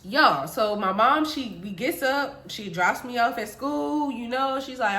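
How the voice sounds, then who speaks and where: A woman's voice: on the high side, a little slow, hardly any pauses. A young woman from the Caribbean telling a storytime vlog, chatty and talking straight to her viewers. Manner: animated, chatty, addresses viewers directly. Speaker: vlogger. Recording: echoey room.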